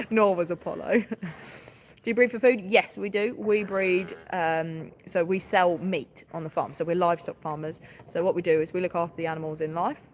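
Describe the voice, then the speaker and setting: A woman's voice: on the low side, a little hiss or hum. A tired woman, a livestock farmer chatting casually on a live stream, giggling often and filling gaps with ums. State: tired, short on sleep.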